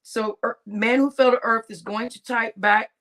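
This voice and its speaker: A woman's voice: a little high, fairly even intonation, normal speed, fairly bright tone. A woman hosting a casual live stream, chatting and laughing with her viewers and addressing them as y'all. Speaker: livestream host.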